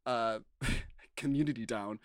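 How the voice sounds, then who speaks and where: Podcast co-host: chatty, rambling man, mid pitch, close dry mic. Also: slow pace, dry recording. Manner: rambling, full of fillers like "like" and "um". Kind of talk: casual recap chat.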